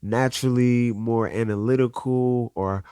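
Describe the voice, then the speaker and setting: A man's voice: medium pitch, fairly even intonation, warm tone, clean tone, dry recording, clean studio sound. A man speaking as a podcast guest in a candid, earnest way, often restarting his sentences. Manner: earnest, open, halting restarts. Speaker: guest artist. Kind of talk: candid conversational interview.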